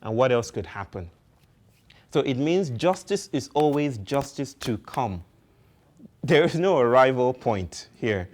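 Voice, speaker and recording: A man from Nigeria speaks to a live audience in a poetic, philosophical way. He leans on repetition to drive each idea home. His voice sits at a middle pitch. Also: expressive, measured pace, darkish tone. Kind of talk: public talk.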